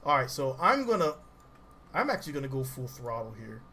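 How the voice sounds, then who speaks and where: A man's voice: mid-range voice, sing-song, brisk, sharp tone, a little hiss or hum. A man from the Southern US giving casual livestream commentary while he plays a game, laughing often and greeting viewers in chat.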